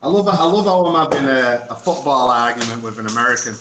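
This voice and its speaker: A man's voice: mid-range voice, fast, a bit bright, a little hiss or hum. A man in a casual group chat, teasing the others and laughing.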